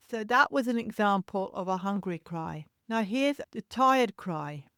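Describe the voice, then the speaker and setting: A woman hosts a solo parenting podcast in a gentle, reassuring voice, as if teaching a class. Her speech sounds close and dry, with no room sound around it. She pauses now and then to imitate a baby's cry. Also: medium pitch, smooth, no echo. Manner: imitates baby cries to demonstrate. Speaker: podcast host and childcare educator.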